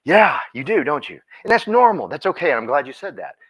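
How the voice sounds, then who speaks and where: A man giving a folksy, energetic motivational talk to his team, often repeating himself. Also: on the high side, fairly quick. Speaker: team leader speaking at a company meeting.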